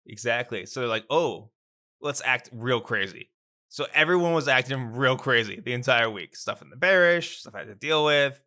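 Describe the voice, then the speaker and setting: A man's voice: brisk, hardly any pauses. A man who is a priest, telling a story in casual chat. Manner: animated storyteller, lively pitch.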